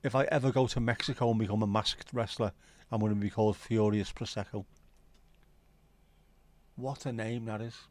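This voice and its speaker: With long pauses and a slightly mellow, fairly low voice, the middle-aged livestream host keeps a steady tone at normal speed. His South Liverpool Scouse accent carries casual chat and rambling, sweary stories, and there's no room sound.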